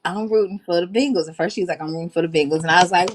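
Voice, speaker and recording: A woman's voice: on the low side, very fast, a little hiss or hum. A woman co-hosting a casual talk show, telling stories animatedly and acting out what others said. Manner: animated storyteller, acts out quotes. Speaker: co-host. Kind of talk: casual chat.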